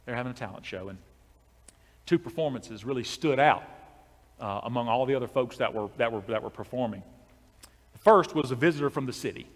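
A pastor telling a long story in a sermon, in a conversational way with many restarts. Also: male voice, mid-range voice, fairly quick, pauses often, long reverb tail.

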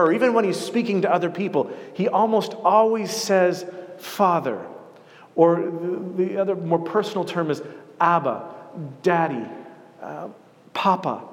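Telling his sermon like a story, a pastor whose voice is fairly high keeps circling back to one phrase for emphasis. The long reverb makes him sound as though he's preaching in a vast church hall.

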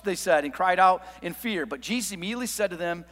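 A man preaching a sermon as pastor, swinging from hushed asides to loud, emphatic lines. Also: high voice, lively intonation, quick pace, big-room sound.

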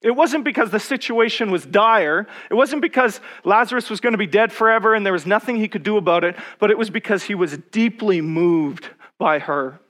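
A man preaching a sermon, reading scripture slowly and then pressing personal questions with rising intensity. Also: sits high, fairly bright tone.

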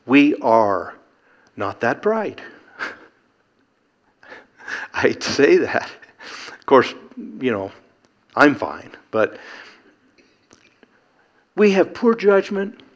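Middle-aged guy preaching, slow and earnest, punchy questions. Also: medium pitch, very animated, muffled recording. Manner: earnest, emphatic, rising to rhetorical questions. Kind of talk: sermon.

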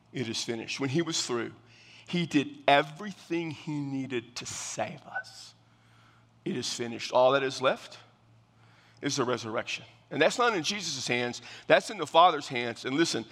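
Here a male pastor with a fairly high, sharp voice preaches an earnest, emphatic sermon. He often repeats his phrases, and the long reverb of a large hall surrounds him.

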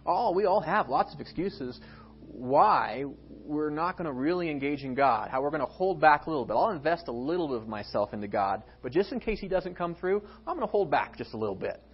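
A man preaching a sermon as pastor of a church, swinging from soft, quiet lines to emphatic, raised ones. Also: on the high side, lively intonation, brisk, husky, muffled recording. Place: church sanctuary.

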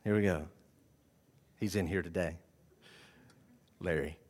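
A man preaching a sermon to his congregation, animated and full of questions to the room. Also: sits low, slow pace. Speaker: pastor. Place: church sanctuary with congregation.

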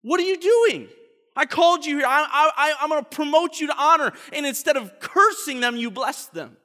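A man's voice: high voice, normal speed, in a large hall. A man voicing an impatient, scheming ancient king who whines and makes demands. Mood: outraged. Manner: whiny, excitable, demanding.

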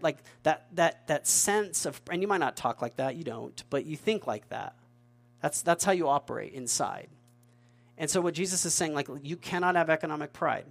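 A man's voice: on the high side, expressive, normal speed, vocal fry. A man preaching a sermon in a conversational way, often repeating words and asking the audience questions. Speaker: pastor.

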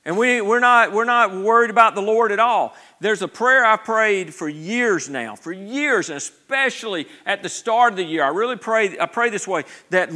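A man's voice: sits high, lively intonation, moderate pace, hardly any pauses, pushed and bright. A man preaching a sermon as pastor, talking conversationally with many restarts and asking the congregation for responses. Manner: conversational preaching with frequent restarts and repeated words.

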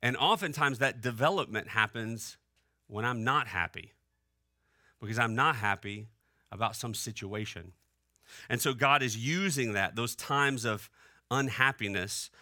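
A young man preaching a sermon in a relaxed, conversational way, often checking in with the congregation. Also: fairly low pitch, a little slow, dry recording, studio quality. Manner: conversational preaching, asks the room "right?". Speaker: pastor. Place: church hall.

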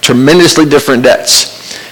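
A man's voice: medium pitch, a bit bright, low-quality recording. Earnest male pastor preaching. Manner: earnest, conversational preaching with pauses. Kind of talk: sermon.

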